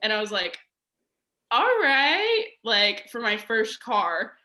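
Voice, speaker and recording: A young adult woman, a podcast guest, telling a personal story in casual chat, animated and peppered with "like". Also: mid-range voice, a little slow. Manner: animated, says "like" a lot, acts out quoted voices.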